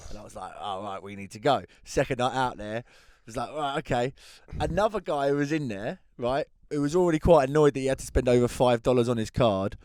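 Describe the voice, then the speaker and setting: An English man co-hosting a podcast, telling a long anecdote in a lively, laughing way. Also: medium pitch, fairly quick, hardly any pauses, no echo, clean studio sound. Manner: animated storyteller, laughs through his tale. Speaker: podcast co-host. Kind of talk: casual chat, anecdote telling.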